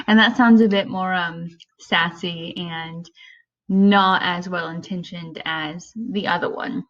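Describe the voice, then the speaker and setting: A woman's voice: fairly low pitch, fairly even intonation, slow pace, a bit bright. A woman explaining language terms in a classroom lesson, step by step, with frequent fillers. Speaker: teacher. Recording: dull lo-fi recording.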